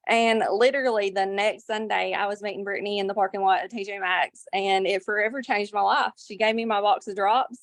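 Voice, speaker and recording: A woman's voice: mid-range voice, fairly even intonation, a little fast, hardly any pauses, no echo. A woman on a video call telling her personal testimony earnestly, close to tears. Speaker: guest sharing a testimonial.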